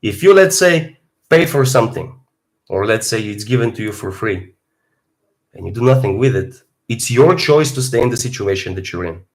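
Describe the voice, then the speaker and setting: A young man from Bulgaria with a Bulgarian accent, a fitness streamer talking casually on a live stream and swinging from low mutters to loud outbursts. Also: lively intonation, moderate pace.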